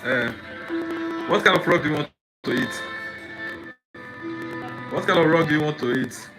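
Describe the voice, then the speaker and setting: Livestream host, man, slightly high voice, playful repetitive banter, music underneath. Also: moderate pace, low-quality recording. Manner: repetitive, teasing questions to chat. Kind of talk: casual livestream chat with viewers.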